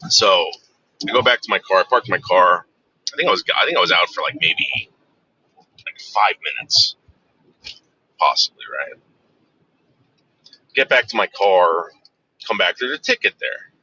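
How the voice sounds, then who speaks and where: A deep, animated voice, brisk and pushed bright with a breathy edge, spins a casual anecdote full of profanity, wandering and doubling back on itself as he interrupts himself. No room sound in this dull, dry, lo-fi recording.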